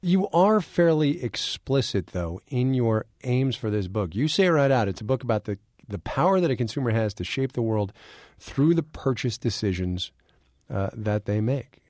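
A man's voice: medium pitch, moderate pace, no room sound. Male public radio host, casual questions with light stumbles, dry studio sound. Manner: relaxed, conversational questions with some hesitations. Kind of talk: radio interview hosting. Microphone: studio mic.

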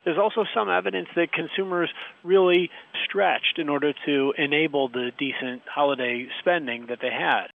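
A man speaking as an economist in a recorded clip, his voice gravelly and a little higher than most men's. The sound is dry and tinny, as if it comes down a phone line. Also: normal speed, no echo.

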